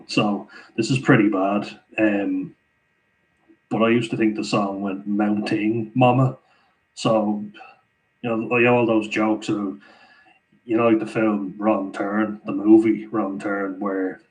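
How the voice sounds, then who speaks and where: Low, flat-voiced Irish man. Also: slow pace, poor audio. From Ireland. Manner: chatty, laughs often, reads comments aloud. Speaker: livestream host answering viewer chat. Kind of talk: casual live Q&A chat.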